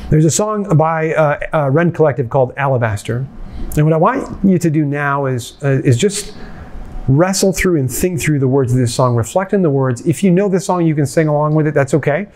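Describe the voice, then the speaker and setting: A man pastor giving a conversational sermon, retelling a scene in a lively way and speaking straight to his listeners. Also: on the high side, a little fast.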